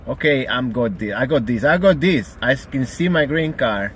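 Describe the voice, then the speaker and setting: A man's voice: mid-range voice, expressive, moderate pace, slight background noise. A man streaming, joking around casually and swearing freely while he practices phrases.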